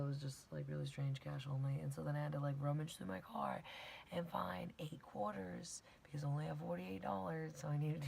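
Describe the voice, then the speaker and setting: A young woman chats through her day in a loose, rambling vlog, swearing freely and often sinking into a whisper. Her voice sits low, with a gravelly fry. A faint hiss runs behind her. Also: fairly bright tone, rough recording. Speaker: vlogger and fitness instructor. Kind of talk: casual daily recap vlog.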